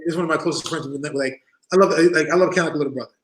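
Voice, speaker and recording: A man who is a podcast guest and former wrestler, telling animated anecdotes in casual chat and acting out other people's voices. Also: on the high side, racing. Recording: roomy echo.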